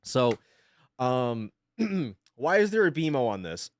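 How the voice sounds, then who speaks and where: A man's voice: medium pitch, big pitch swings, slow pace. A young man chatting casually on a live stream from his home setup, rambling, swearing freely and laughing often.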